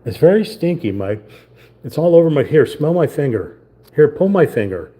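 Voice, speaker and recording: A man's voice: fairly high pitch, sing-song, moderate pace, warm tone. A man streaming live, joking and muttering to himself as he assembles a model. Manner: jokey, muttering to himself while building. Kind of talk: casual live-stream commentary.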